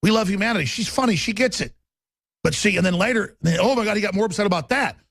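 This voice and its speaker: A man's voice: high-pitched, fast talker, a bit bright, no room sound. A man hosting a talk-radio show, ranting in an impassioned, repetitive monologue into a studio microphone. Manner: ranting, repetitive, acts out quotes in mocking voices.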